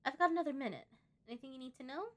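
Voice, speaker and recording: A woman's voice: sits high, expressive, racing. A woman voicing a busy, practical colonist mother in a space-colony game, reading her lines in a plain, friendly way. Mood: brisk encouraging.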